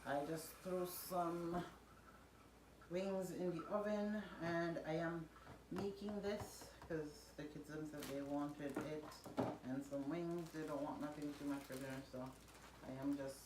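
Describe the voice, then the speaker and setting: Low-voiced Jamaican woman vlogging at home. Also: a little slow. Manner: relaxed, rambling talk with soft laughs. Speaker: vlogger and mother. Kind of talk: casual vlog chat. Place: home kitchen, indoors. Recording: echoey room with background noise.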